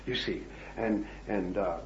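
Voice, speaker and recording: Preacher, slow and dramatic. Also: male voice, fairly low pitch. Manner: expressive preaching, swinging from hushed to loud; addresses listeners as beloved, reads scripture aloud. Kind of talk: sermon. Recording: dull, echoey old recording.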